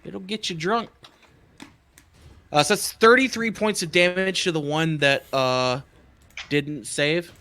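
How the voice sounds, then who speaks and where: A man's voice: fairly high pitch, slow, pauses often, pushed and bright. A man playing a tabletop game, thinking aloud and counting dice under his breath. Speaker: player. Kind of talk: casual tabletop game chat.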